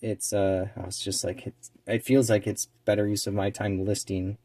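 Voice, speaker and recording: A man's voice: on the low side, moderate pace, dry recording. A man chatting casually and rambling with lots of fillers while he works on a small craft task. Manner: rambling, relaxed, many fillers; drops to a quiet near-whisper while focusing. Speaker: eBay reseller and channel co-host.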